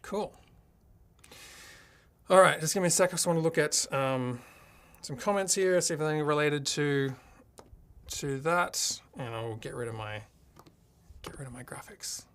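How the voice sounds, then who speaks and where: Working his equipment on a live tech tutorial, an Australian livestream host thinks aloud casually from his home studio. His voice is fairly high and fairly bright, at a moderate pace with frequent pauses.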